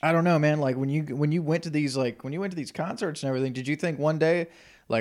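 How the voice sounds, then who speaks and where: A man's voice: a little high, quick pace, a little mellow. A man hosting a podcast, asking loose, rambling questions. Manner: loose, filler-heavy questions. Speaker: podcast host. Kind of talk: casual chat.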